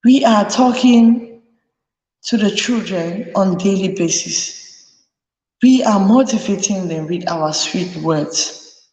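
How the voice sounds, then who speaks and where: A woman's voice: mid-range voice, slow pace, darkish tone. A woman hosting a live parenting chat, earnestly advising parents and repeating her key points. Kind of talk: live talk to an audience. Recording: echoey room with long reverb.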